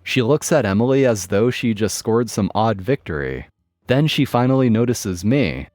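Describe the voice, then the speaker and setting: Low-voiced man narrating a story. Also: moderate pace, dry recording, studio quality, soft background music. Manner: expressive storytelling. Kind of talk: reading a forum story aloud.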